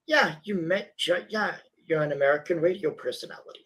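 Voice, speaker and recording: A man co-hosting a casual live-stream chat, reading things out in a deadpan, unimpressed way. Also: fairly high pitch, fairly quick, husky, low-quality recording. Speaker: co-host.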